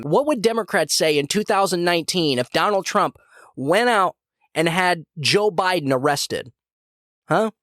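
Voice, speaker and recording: A man's voice: sits high, no room sound, clean studio sound. A man hosting a podcast, delivering a heated, repetitive political commentary monologue. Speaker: podcast host.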